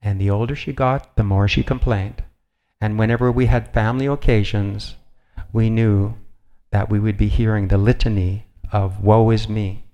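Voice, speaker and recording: An older man preaches in a slow, measured way, with pauses and small fillers. His voice is low and gravelly, with a dark, mellow tone. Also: steady tone, highs cut off. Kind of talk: sermon with readings.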